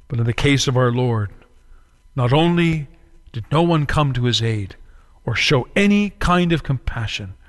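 A man preaching a sermon dramatically, moving between slow solemn phrases and quick urgent runs. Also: medium pitch, long reverb tail.

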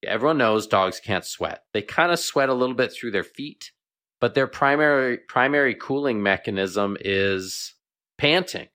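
A man's voice: mid-range voice, expressive, moderate pace, bright, forceful tone. A man speaking as a veterinarian guest on a radio show, explaining plainly and often repeating words as he thinks.

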